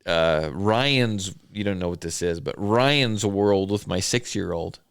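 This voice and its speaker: A low-voiced man from southern Idaho hosts a casual podcast chat from his home studio, speaking slowly with a clear, resonant tone. He rambles wryly and lists things off, and the recording is clean studio sound with no room sound.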